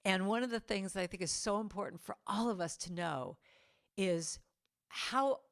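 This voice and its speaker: A middle-aged woman giving a spiritual talk to a congregation over a video call, animated and playful, acting out the quotes she tells. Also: mid-range voice, normal speed. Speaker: guest speaker and singer.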